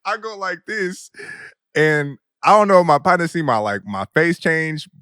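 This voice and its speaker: A young adult man hosting a podcast, telling a comedic story in a loose, profane, animated way with lots of laughter. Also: a little high, moderate pace, clean tone, dry recording, clean studio sound. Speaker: podcast host.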